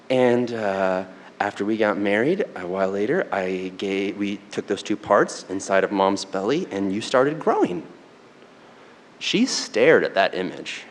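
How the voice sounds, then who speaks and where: A man telling a true story live on stage, animated and laughing along with the audience. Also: medium pitch, a little slow, a little hiss or hum. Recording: long hall reverb with faint crowd ambience.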